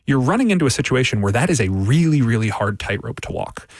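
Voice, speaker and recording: A man's voice: mid-range voice, very animated, fast, no echo. Male sports writer guest, mid-range voice, dry close studio sound, argues in building, repeated points. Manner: analytical, builds arguments with repeated phrases. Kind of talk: sports radio discussion.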